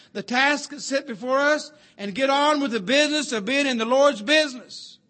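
High, bright-voiced man preaching a sermon. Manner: earnest, repeats key phrases with slow emphasis.

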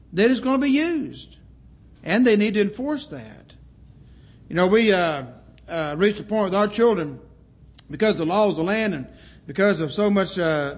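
An older male preacher with a fairly high voice delivers a homespun sermon. He mixes teaching with stories from his own family, dropping in casual asides as he goes. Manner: folksy, anecdotal, with many "you know" asides.

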